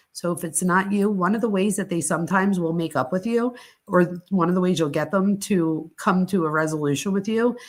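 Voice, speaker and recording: A middle-aged woman hosting a live psychology talk stream, speaking candidly and chattily with casual swearing. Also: lowish voice. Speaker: host.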